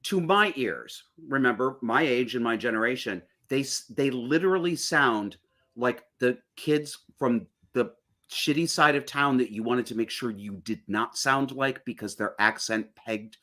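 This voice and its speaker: A middle-aged man with a bright, forceful voice who rants bluntly and swears freely. He talks like a podcast guest in loose, casual chat, and his pitch sits in the middle for a man. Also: a little slow. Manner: blunt, profane, ranting.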